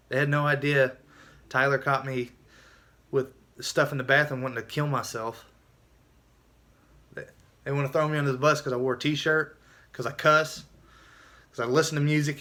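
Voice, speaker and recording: A man's voice: mid-range voice, pushed and bright. A man telling his own story in a casual vlog, earnest and emotional, often restarting his sentences.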